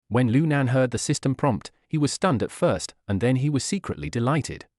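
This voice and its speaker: A man reading a web novel aloud as a narrator, at an even, steady pace with little change between characters. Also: mid-range voice, normal speed, few pauses, no room sound, clean studio sound.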